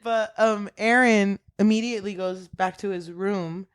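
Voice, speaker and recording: A young woman co-hosting a casual book podcast, animated and laughing often as she retells scenes. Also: medium pitch, unhurried, smooth. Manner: animated, laughs often, acts out characters' lines. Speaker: podcast co-host.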